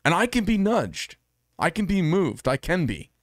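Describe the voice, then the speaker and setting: A man's voice: high-pitched, very animated, normal speed, dry recording, clean studio sound. A middle-aged American man who makes knives, talking alone to camera in a blunt, combative, profane manner. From United States. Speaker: knife maker and channel host. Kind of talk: solo monologue to camera.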